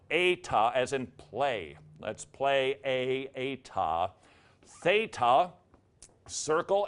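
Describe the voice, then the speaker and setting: A man walks through letter sounds in a casual lesson, sounding them out again and again. He drops in dry little jokes between letters. His voice sits at an ordinary middle pitch. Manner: jokey asides, repeats sounds aloud. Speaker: teacher. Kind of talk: casual video lesson on the alphabet.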